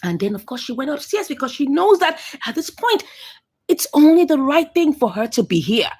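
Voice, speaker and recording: Woman, high-voiced recap host, lively, chatty. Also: moderate pace. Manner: animated, laughs often, drops to whispers. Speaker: movie recap reviewer. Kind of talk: casual recap commentary.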